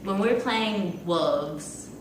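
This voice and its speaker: A woman's voice: lowish voice, slow pace, distant mic, background noise. Chatty young woman, echoey room. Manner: chatty, animated, with many fillers. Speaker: vlogger. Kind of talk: casual storytime.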